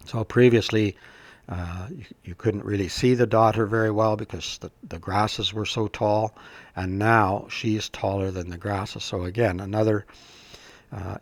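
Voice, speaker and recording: A man tutoring, reading and discussing a poem in a thoughtful, gentle way with many filler words, a little congested from a cold. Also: on the low side, no room sound.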